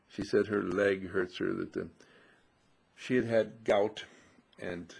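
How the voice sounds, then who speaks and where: A man hosting a short radio talk, telling a folksy anecdote and quoting the people in it. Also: lowish voice. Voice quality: gravelly and husky. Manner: folksy anecdotal storytelling with quoted dialogue. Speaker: radio host and healing teacher.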